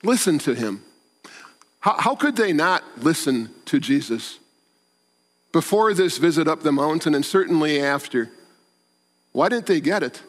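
A man's voice: on the high side, expressive, measured pace, pauses often. A man preaching a sermon as pastor, earnest and pleading, repeating words for emphasis. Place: church. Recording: long church reverb.

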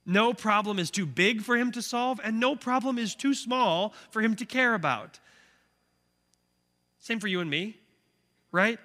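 Bright-voiced pastor in his thirties. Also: sits high, measured pace, long pauses. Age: 30s. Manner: conversational, earnest, with rhetorical "right?" asides. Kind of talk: sermon. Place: church sanctuary. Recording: echoey church hall.

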